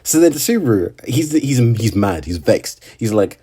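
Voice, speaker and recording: A man's voice: mid-range voice, very animated, measured pace, dark tone, slightly rough. Man, casual recap vlogger, rambling delivery, filler-heavy, mid-range voice. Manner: rambling, full of fillers and "right?". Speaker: anime video creator. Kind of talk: casual anime episode recap.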